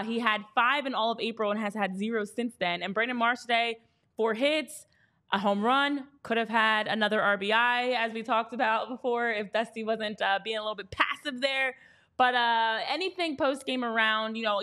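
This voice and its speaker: A woman hosting a sports show, reading off baseball stats in a brisk, chatty way. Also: a little high, bright, forceful tone. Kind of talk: casual sports chat.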